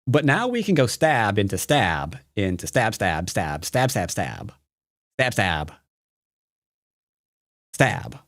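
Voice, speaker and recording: A man's voice: fairly low pitch, sing-song, takes it slowly, long pauses, fairly bright tone, no echo, clean studio sound. A man teaching Go on a live stream, talking casually and playfully, joking with his chat and rambling with fillers and restarts. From United States.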